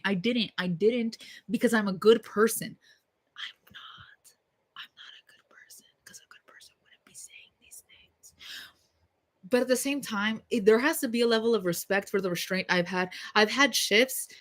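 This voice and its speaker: A woman's voice: fairly high pitch, bright, forceful tone. A young woman telling a story casually on a livestream, heated, blunt and full of swearing and fillers.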